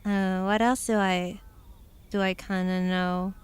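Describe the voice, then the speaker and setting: Giggly young woman streamer, slow and rambling. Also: mid-range voice, flat delivery, clean tone. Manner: giggly, rambling, many fillers. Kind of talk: casual chat with chat.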